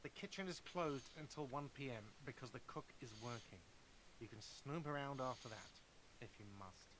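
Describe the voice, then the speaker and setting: A man's voice: mid-range voice, normal speed, fairly bright tone, a little hiss or hum, natural voice, poor audio. A man voicing a curt, impatient cafeteria manager in a video game. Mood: snippy. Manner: impatient, dismissive.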